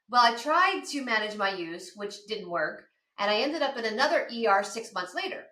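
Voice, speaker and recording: Lively woman in her fifties, roomy sound. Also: mid-range voice, normal speed. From outside Philadelphia, USA. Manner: lively storyteller who acts out past dialogue. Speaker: podcast guest, addiction counselor. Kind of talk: personal storytelling on a podcast. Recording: roomy echo.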